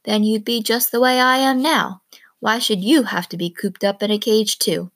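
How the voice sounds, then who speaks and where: A woman's voice: medium pitch, fairly even intonation, moderate pace, fairly bright tone, no echo. A restless young girl speaks earnestly with a stubborn streak, voiced lightly by a woman narrator. She sounds wistful one moment and defiant the next. The sound is dry and close.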